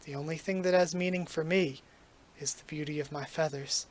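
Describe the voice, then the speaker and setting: A man's voice: on the high side, fairly even intonation, brisk, close to an everyday voice. A man reading as a gloomy vain peacock. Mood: melancholy. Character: vain young male peacock civil servant, melancholy.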